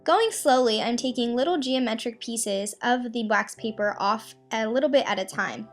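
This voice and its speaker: A woman's voice: on the high side, moderate pace. A young woman hosting a casual do-it-yourself tutorial, walking through the steps in a friendly way with frequent ums. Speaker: craft tutorial host. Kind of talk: casual DIY tutorial narration. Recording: faint background music.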